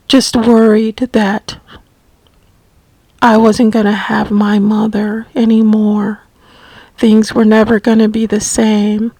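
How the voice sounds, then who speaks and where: A middle-aged woman telling a personal story about caring for her mother, slow and gently reflective. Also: fairly high pitch, dry recording, poor audio. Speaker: family caregiver recounting her mother's illness.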